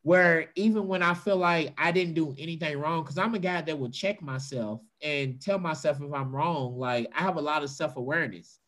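A man's voice: moderate pace, few pauses. A man telling a funny, profane story to an audience and mimicking other people's voices. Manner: animated, profane, mimics voices in a high pitch. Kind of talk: stand-up storytelling.

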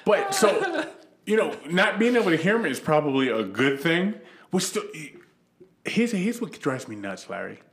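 A man's voice: on the high side, moderate pace. A man telling crude jokes in casual banter, swearing and laughing as he talks. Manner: profane, animated, laughing storyteller.

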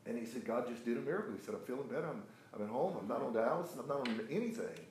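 A man's voice: medium pitch, expressive, rapid-fire, a little mellow. An older man leading a prayer group, telling a long story with many restarts and fillers. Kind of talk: testimony in a group meeting. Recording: echoey room with faint background noise.

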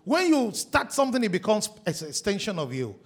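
Pastor, male, high animated voice, emphatic sermon delivery. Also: brisk. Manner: emphatic preaching, stretching and shouting key words.

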